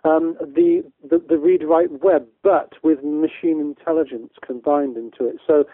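A man's voice: a little high, fairly even intonation, measured pace, no room sound. A man from the UK, a guest educator in a casual interview, talking in a rambling way with many restarts. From United Kingdom. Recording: tinny phone-line audio, dry.

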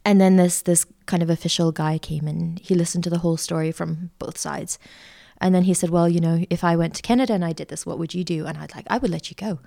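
A middle-aged woman, a podcast guest telling a lively travel story with lots of fillers. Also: on the low side, quick pace, creaky, hardly any pauses. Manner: chatty, animated anecdote-telling with many fillers. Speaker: interview guest, art school founder. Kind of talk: casual storytelling.

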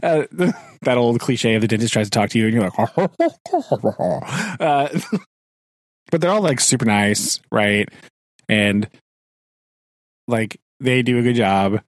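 A man's voice: mid-range voice, lively intonation, takes it slowly, long pauses, no room sound, studio quality. Easygoing man rambling on a podcast. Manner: rambling, tag questions, chuckling. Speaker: podcast co-host. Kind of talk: casual podcast chat.

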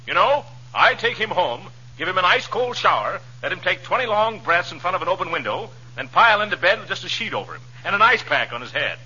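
Pompous teasing neighbor; husky, very bright, vintage radio play. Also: male voice, high voice, big pitch swings, fast talker, full character voice. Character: pompous, mocking neighbor with a hearty laugh. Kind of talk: 1940s radio comedy acting. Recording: dull old radio broadcast.

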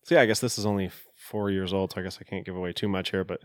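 A man's voice: deep voice, fairly even intonation, rapid-fire, no echo, clean studio sound. A man co-hosting a podcast, casually retelling film scenes and briefly mimicking the characters' lines. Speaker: podcast co-host.

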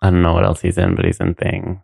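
A man's voice: deep voice, completely flat delivery, quick pace, vocal fry, a little mellow, slightly rough, no echo. A man co-hosting a comedy podcast, telling stories in a rambling, filler-heavy way. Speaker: podcast co-host. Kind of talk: casual comedic chat.

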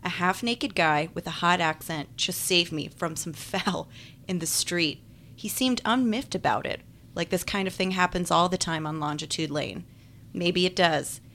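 A woman's voice: lowish voice, a bit bright, slight background noise. Wry woman narrating an audiobook. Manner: wry, chatty, self-deprecating. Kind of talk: first-person audiobook narration.

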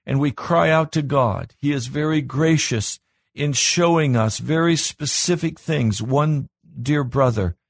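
A man preaching as a pastor, earnest, his voice climbing higher and louder when he presses a point. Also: breathy edge, no room sound. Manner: earnest, rises in pitch and volume when stressing a point. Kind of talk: sermon.

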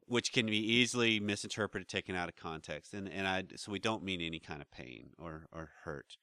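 A man's voice: low voice, brisk, pushed and bright, no room sound, studio quality. A man co-hosting a podcast about relationships, talking casually in rambling, trailing sentences. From United States. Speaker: podcast co-host, relationship counselor. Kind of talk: casual chat.

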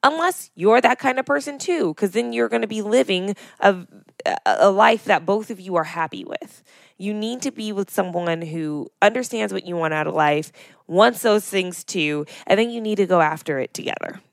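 A woman's voice: mid-range voice, normal speed, creaky, no room sound, clean studio sound. Chatty woman co-hosting a podcast. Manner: chatty, animated, plays out quotes. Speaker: podcast co-host. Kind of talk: casual podcast chat.

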